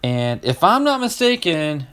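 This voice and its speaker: Speaking smoothly and without hurry in a fairly high voice, a middle-aged man opens card packs on a casual live stream. He chats with viewers and gets excited over every card.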